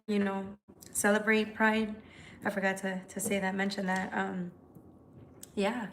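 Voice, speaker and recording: A woman's voice: medium pitch, fairly bright tone. A woman hosting a casual live stream as a tarot reader. She chats loosely with viewers, swears freely, and reads their comments aloud. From United States.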